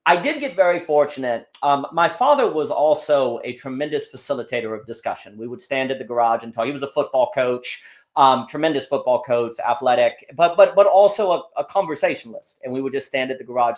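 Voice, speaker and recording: A man talking as a guest in a casual conversation, telling rambling stories full of restarts and asides. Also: medium pitch. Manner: animated, rambling storytelling with frequent restarts. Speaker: podcast guest.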